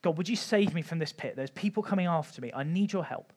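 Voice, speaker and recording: A man giving an informal Bible teaching talk, conversational with light humour and frequent pauses. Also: fairly high pitch, a little mellow. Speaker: church teacher.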